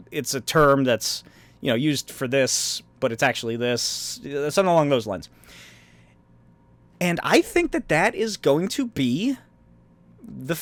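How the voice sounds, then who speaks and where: A man's voice: a little high, a bit bright, no echo. A man hosting a solo podcast, who talks in a rambling way with frequent chuckles and filler words. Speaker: podcast host. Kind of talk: casual solo podcast talk.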